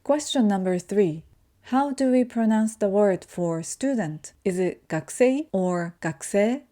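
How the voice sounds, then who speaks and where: A woman whose first language is Japanese gives a pronunciation lesson, speaking slowly and carefully as she demonstrates sounds. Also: medium pitch, expressive, warm tone. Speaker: language teacher.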